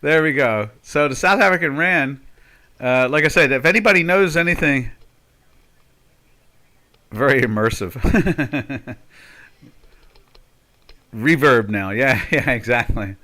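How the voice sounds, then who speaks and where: With a medium-pitched, expressive voice that sounds pushed and bright, this older male trading show host speaks slowly and leaves long pauses. He chats casually on his live stream, thinking aloud as he sorts out settings.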